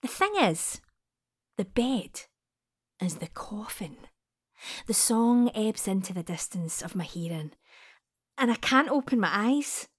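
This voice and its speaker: A Scottish woman telling a first-person story in an unhurried, soft voice that often drops to a whisper. Her pitch rises and falls widely, and she swears now and then. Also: expressive, breathy edge.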